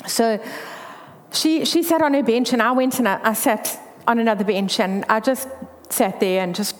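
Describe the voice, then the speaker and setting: A woman's voice: on the high side, normal speed. A woman giving a candid faith testimony, telling her story earnestly. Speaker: speaker sharing a faith testimony. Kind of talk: personal testimony talk. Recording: long hall reverb.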